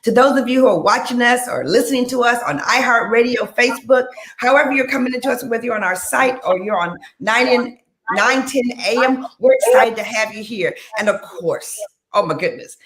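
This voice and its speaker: A woman from Detroit opening a live radio talk show with high energy, repeating phrases for emphasis. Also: fairly quick, a bit bright, reverberant, a little hiss or hum. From Detroit, Michigan.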